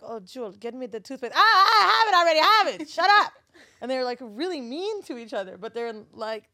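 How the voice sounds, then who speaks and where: A woman from Florida, a podcast guest and studio owner, telling stories in casual conversation with blunt, profane humor and acted-out quotes. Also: medium pitch. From Florida, USA.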